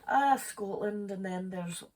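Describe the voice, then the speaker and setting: A woman's voice: mid-range voice, slow pace, darkish tone. A woman co-hosting a podcast in casual chat, rambling and laughing easily as she talks. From Zimbabwe. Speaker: podcast co-host.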